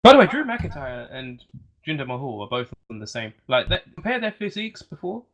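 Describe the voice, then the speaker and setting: A man's voice: a little high, sing-song, a little fast, fairly bright tone, low-quality recording. A young man co-hosting a podcast, chatting casually and working through his picks hesitantly. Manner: hesitant, thinks aloud with fillers. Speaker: podcast co-host. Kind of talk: casual chat.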